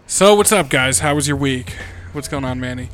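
Bright-voiced laughing podcast host. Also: male voice, mid-range voice, expressive, moderate pace, a little hiss or hum. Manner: laughing, eggs others on. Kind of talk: casual podcast chat.

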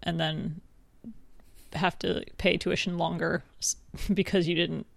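Gravelly woman in playful banter. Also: on the low side, level tone, slow pace, no echo. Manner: playful, laughs often, joking banter. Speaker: podcast co-host. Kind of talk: casual chat.

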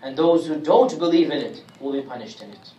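Fast-talking man teaching scripture in an echoey room. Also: medium pitch, dark tone, muffled recording. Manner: emphatic, recites Arabic passages rapidly. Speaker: Islamic teacher giving Quran commentary. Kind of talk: lecture with recited Arabic verses. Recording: echoey room, distant mic, faint hiss.

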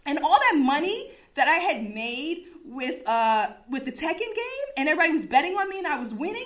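A woman from the East Coast of the USA telling a personal story in a casual, animated way, laughing often and swearing freely. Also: very high-pitched, a little fast, few pauses.

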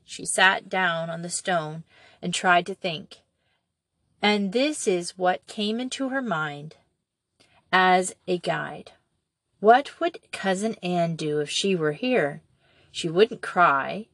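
A woman reading a children's novel aloud as an audiobook narrator, in a measured and expressive way. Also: lowish voice, no echo.

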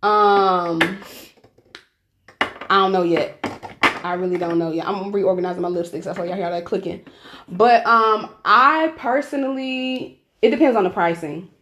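A young woman co-hosts a casual podcast. She talks in a sassy, animated way, tossing out exclamations at a middling pitch. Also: measured pace, noisy background. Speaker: podcast co-host. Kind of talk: casual chat.

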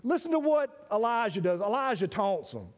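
A male preacher with a strikingly high voice delivers a lively sermon. He talks straight to his congregation, calling people by name and tripping over repeated words as he pushes ahead. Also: normal speed. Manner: animated, speaks directly to listeners by name, stammers on restarts.

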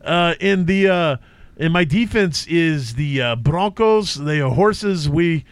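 A man puts on a comic Russian voice, deadpan and boastful in broken English. The voice rides a little higher than a plain talking voice. The mic is close and dry. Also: slow pace, clear, resonant tone, dry recording. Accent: put-on Russian.

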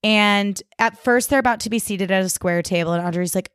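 Woman podcast host, casual and chatty recap voice, wry asides, mid-pitched, dry close mic. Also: normal speed, hardly any pauses, fairly bright tone, clean tone, no echo.

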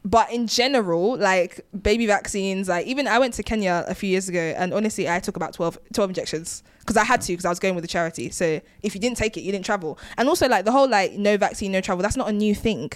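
A woman's voice: mid-range voice, fast talker, hardly any pauses. A woman with a Nigerian accent, co-hosting a casual chat and talking emphatically, with firm opinions.

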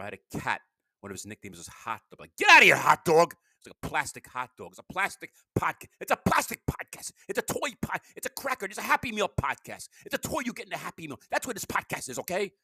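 A man hosting his own amateur podcast, rambling in a self-deprecating solo monologue that swings between loud bursts and low mutters. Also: dry recording, studio quality. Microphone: home podcast mic.

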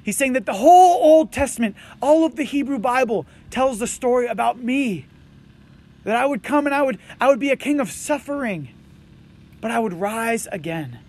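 High-voiced pastor preaching casually. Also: male voice, moderate pace. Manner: conversational, animated preaching with frequent "you know" and "right". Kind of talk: sermon. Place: outdoors under tents on a windy morning.

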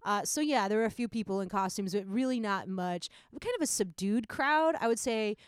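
A woman's voice: animated, normal speed, clean tone, no echo, studio quality. Chatty woman telling a concert story. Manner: chatty storyteller, acts out quotes with a jump in pitch. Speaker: podcast co-host. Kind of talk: casual chat.

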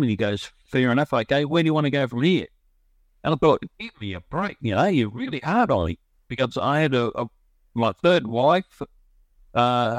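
A man's voice: mid-range voice, dry recording. A middle-aged man with an Australian accent, telling his own recovery story in a rambling, earnest way, often stopping to restart his sentences. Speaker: recovery speaker.

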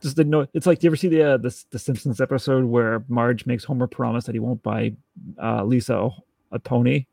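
Gravelly warm-voiced man chatting. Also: mid-range voice, no echo, clean studio sound. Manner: animated, acts out scenes in quick voices. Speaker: podcast co-host. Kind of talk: casual chat.

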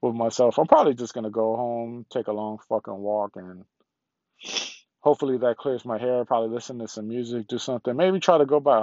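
A middle-aged man vents alone into his podcast mic from a parked car, rambling and swearing in frustration. His voice is congested and sits at a plain, everyday pitch. The recording is dry and a little dull, with no room ring. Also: brisk, dark tone, no room sound. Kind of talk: solo venting podcast. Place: parked car in a parking lot.

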